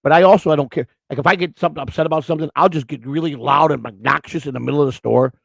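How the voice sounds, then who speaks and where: Outspoken male co-host, fast and gravelly, spinning casual stories. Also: on the high side, no echo. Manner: loud, outspoken, animated storyteller. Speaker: morning show co-host. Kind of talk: casual storytelling chat.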